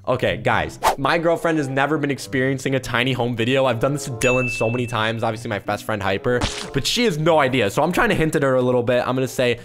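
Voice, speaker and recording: A young man hosting Roblox gameplay commentary, excitable and swinging between hushed mutters and sudden shouts. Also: medium pitch, fast. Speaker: gaming YouTuber host. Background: background music.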